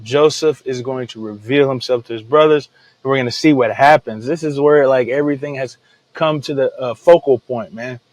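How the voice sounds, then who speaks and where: A man hosts a daily Bible devotional podcast on a podcast microphone, retelling scripture in laid-back everyday slang and often calling listeners "man." His mid-range voice is a little mellow at a normal speed, though the recording is muffled.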